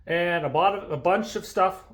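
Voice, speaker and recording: High-voiced male vlogger; loose, rambling, self-deprecating delivery. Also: moderate pace, a bit bright. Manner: rambling, self-deprecating, stumbling over words. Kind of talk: casual vlog chat. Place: home garage.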